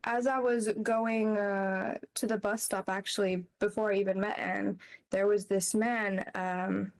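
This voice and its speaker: Woman, casual storyteller, mid-pitched voice, lots of "like". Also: darkish tone. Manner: rambling, heavy use of "like", laughs between phrases. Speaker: interview guest.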